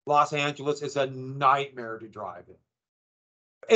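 A middle-aged high school history teacher lectures his class conversationally, slipping in wry, sarcastic asides. His medium-pitched voice is slow, bright and forceful. The classroom recording is dull and lo-fi.

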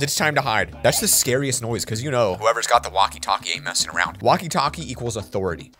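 A man hosting a reaction video, chatting casually with quick asides. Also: mid-range voice, fairly bright tone.

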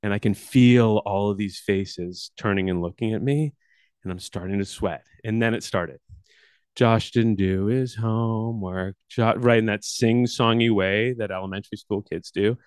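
Animated male storyteller, dry sound. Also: moderate pace, smooth, no echo. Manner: animated storyteller with big swings in pitch and loudness. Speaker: workshop leader. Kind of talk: personal storytelling talk.

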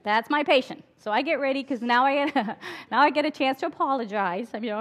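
A woman's voice: fairly high pitch, lively intonation, quick pace, a bit bright. A middle-aged woman, an emergency physician, giving a candid conference talk full of stories and laughing at her own stories. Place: conference hall before an audience.

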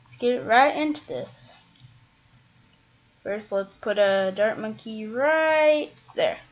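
A woman's voice: fairly high pitch, animated, takes it slowly. A woman giving casual gameplay commentary, chatting and thinking aloud as she plays, often trailing off mid-thought. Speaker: gaming video creator. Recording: dull lo-fi mic.

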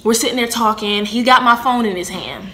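A woman in her twenties telling a personal story on her vlog, animated and acting out the dialogue. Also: on the high side, fairly quick. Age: 20s. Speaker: vlogger.

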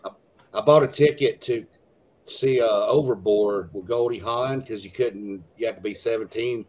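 A man's voice: lowish voice, normal speed, darkish tone. A man chatting casually about movies as a podcast co-host, laid-back and agreeable, with some casual swearing. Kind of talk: casual movie commentary chat.

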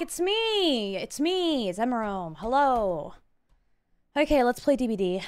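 A young woman streaming a game, chatting casually with her viewers in excitable bursts. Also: a little high, takes it slowly, clean tone. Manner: chatty, talks to chat, excitable exclamations. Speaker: live streamer. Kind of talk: casual live-stream chat.

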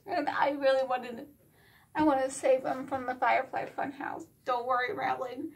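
A woman vlogging in a chatty, excited way, her speech slightly slurred from wearing retainers. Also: high-pitched, normal speed. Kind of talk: casual vlog chat.

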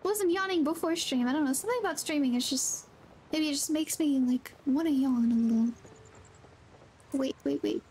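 A woman's voice: high voice, moderate pace, darkish tone, slight background noise. A woman livestreaming a game, chatting casually and thinking aloud, a little drowsy and yawny. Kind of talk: casual gameplay chat.

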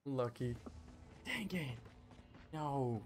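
A man streaming live gameplay, talking excitedly and panicking as he plays. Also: mid-range voice, drawn-out words. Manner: panicky, excitable, swears mildly.

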